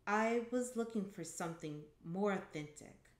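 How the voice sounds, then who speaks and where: A woman's voice: mid-range voice, measured pace, pitched above the performer's own voice, close to an everyday voice. Woman reading as a hesitant young male tourist. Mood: apologetic. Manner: hesitant, apologetic. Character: awkward young male tourist, disappointed and apologetic. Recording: echoey room.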